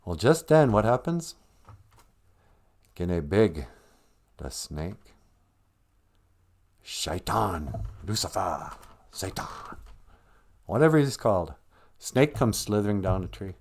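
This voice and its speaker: A man's voice: low-pitched, big pitch swings, slow, long pauses, a little mellow. A man telling a story in a folksy, humorous way with joking asides, hosting a live stream.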